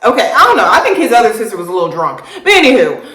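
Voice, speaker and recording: A woman in her thirties telling a casual storytime, animated, laughing often and swearing freely. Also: medium pitch, racing. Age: 30s. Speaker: vlogger. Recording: roomy echo.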